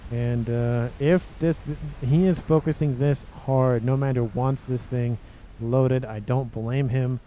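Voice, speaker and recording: Male game commentator, mellow tone, rambling, self-correcting, exasperated questions, faint background hiss. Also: mid-range voice, fairly even intonation, takes it slowly. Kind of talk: casual video game commentary.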